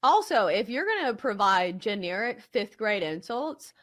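A woman's voice: medium pitch, big pitch swings, measured pace, fairly bright tone. A woman hosting a sports betting show, arguing her point with emphasis. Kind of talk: opinion commentary.

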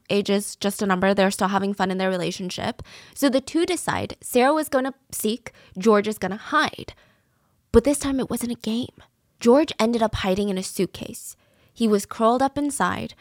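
A young adult woman hosts a true crime podcast, telling the story in a chatty, conversational way with casual asides. Her voice is fairly high, and the recording is dry with clean studio sound.

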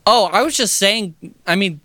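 A man's voice: high voice, expressive, moderate pace, pushed and bright. A man co-hosting a podcast in casual chat, joking around and slipping into playful impressions. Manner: jokey, slips into playful Midwest impressions. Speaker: podcast co-host.

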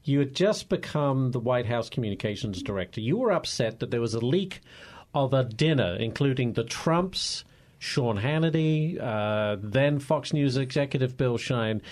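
A man's voice: medium pitch, animated, moderate pace, a little mellow. A man hosting a podcast, asking probing questions and recapping the story for listeners. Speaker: podcast host. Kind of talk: interview questions.

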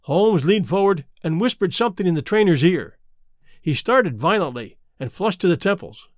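A man reading a classic detective story aloud as first-person narrator, expressive and clearly enunciated, close to the mic. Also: high-pitched, moderate pace, dry recording. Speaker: audiobook reader.

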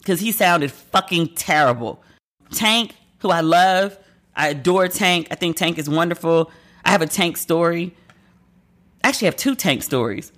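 A woman's voice: on the low side, normal speed, fairly bright tone. A woman host in casual chat, telling candid, profane stories with playful acted asides. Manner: candid, profane, gossipy storytelling.

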